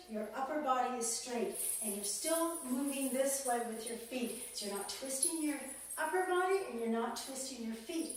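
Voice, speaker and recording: A woman teaching a belly dance lesson, calmly counting out the beats as she demonstrates, recorded in a dance studio on a camera mic set far off. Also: sits high. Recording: echoey room, mic far off, faint noise.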